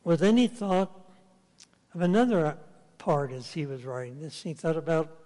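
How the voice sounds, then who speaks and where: A man's voice: on the high side, lively intonation, moderate pace, dark tone. A man preaching a sermon, retelling a story in a folksy way and acting out the characters. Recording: long hall reverb.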